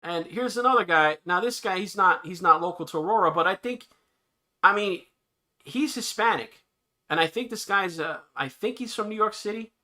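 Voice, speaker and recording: A man's voice: high-pitched, moderate pace, sharp tone. A man hosting a livestream, reacting to news clips with sarcastic commentary and frequent laughter. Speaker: livestream host.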